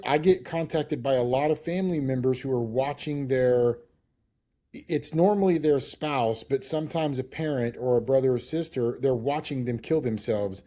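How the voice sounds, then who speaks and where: Mellow-voiced male host. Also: mid-range voice. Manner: reflective, explanatory. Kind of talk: interview questions.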